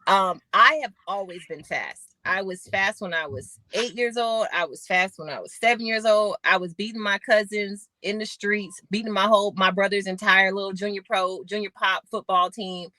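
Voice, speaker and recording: Bright, animated woman in her forties. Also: medium pitch, moderate pace, hardly any pauses, no room sound. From Phoenix, Arizona, USA. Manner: animated storyteller, acts out quotes. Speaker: guest, former Olympic sprinter. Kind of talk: casual podcast interview.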